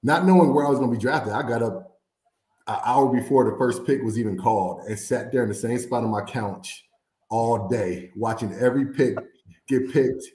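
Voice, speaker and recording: A man from Indiana, a former football player, telling stories as an interview guest with animated, laughing delivery. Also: mid-range voice, moderate pace, roomy sound. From Indiana, USA. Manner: animated storyteller, laughs often, acts out quotes. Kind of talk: casual interview storytelling.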